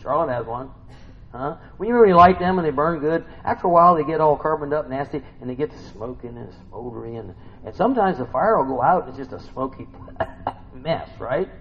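A man giving an informal sermon to a small group. He keeps asking the listeners questions and swings between soft murmurs and loud bursts. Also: on the high side, lively intonation, brisk. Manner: conversational, asks the listeners many questions. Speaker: preacher. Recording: slightly dull recording with faint noise.

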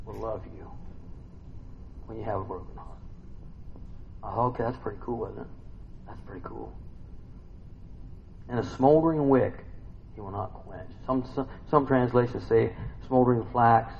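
A man delivers a relaxed sermon at a middle pitch, constantly turning to his listeners with questions. His voice drops to near-murmurs and then rises into loud bursts. The recording is slightly muffled, with a faint hiss behind him. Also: measured pace, vocal fry, long pauses. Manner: conversational, asks the listeners many questions. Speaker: preacher. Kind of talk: informal sermon to a small group.

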